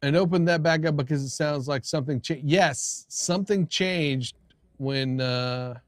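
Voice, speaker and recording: Male livestream host, unhurried, rambling casual chat, dry close sound. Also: fairly high pitch, no room sound. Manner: rambling, with frequent restarts and chatting to viewers. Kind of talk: casual live-stream chat.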